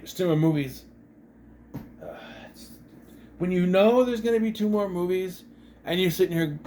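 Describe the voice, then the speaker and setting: A man in a casual movie-review rant, his voice pitched a little high and leaping up and down as he gets worked up. He swears freely and acts out the characters' lines in mock voices. A faint noise sits under the recording. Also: a little mellow.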